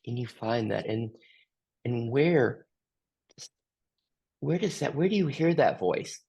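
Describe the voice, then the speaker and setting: A man facilitating a group session, gently asking slow, open questions. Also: medium pitch, expressive, vocal fry, husky. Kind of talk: guided group reflection.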